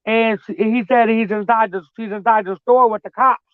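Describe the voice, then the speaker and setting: A woman's voice: fairly high pitch, fairly even intonation, normal speed, dry recording, narrow, tinny audio. A mother chatting casually about her children, rambling, swearing freely and often tossing in "man". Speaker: mother telling personal stories. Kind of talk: casual storytelling chat.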